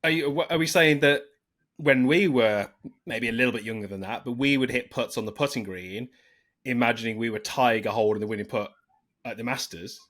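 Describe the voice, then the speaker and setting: A man co-hosting a laid-back podcast, with a voice of middling pitch. He works through a list point by point and weighs each one against what his co-host said. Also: fairly quick, a bit bright. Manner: reads out list points, then comments. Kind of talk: casual chat.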